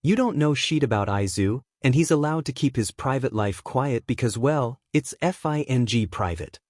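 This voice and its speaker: A blunt, sarcastic teenage boy voiced by a man speaks in a flat, deadpan tone with a cutting edge. The voice sits at an ordinary middle pitch. It is recorded close and dry. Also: moderate pace, dry recording, natural voice. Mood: deadpan anger.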